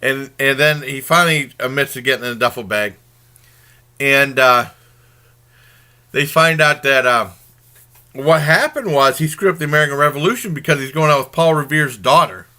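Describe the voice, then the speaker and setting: A man's voice: medium pitch, normal speed, pushed and bright. A man casually reviewing a new TV comedy, retelling the plot in a rambling, informal way. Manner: informal and conversational. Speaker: TV show reviewer.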